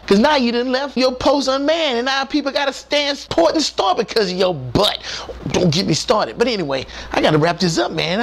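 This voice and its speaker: A former Navy submarine technician tells his sea stories in a loose, salty, colloquial way. His pitch leaps up and down as he gets into each scene, and he stops to talk straight to the viewer. He is a man spinning yarns off the cuff, not reading a script. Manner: animated, profane, colloquial, addresses viewers directly. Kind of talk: casual storytelling.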